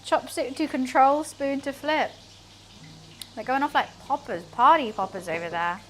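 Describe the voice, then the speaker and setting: A woman's voice: high voice, moderate pace, fairly bright tone. A woman streaming herself cooking in a home kitchen, chatting casually and self-deprecatingly to her chat. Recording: faint frying noise behind. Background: sizzling frying.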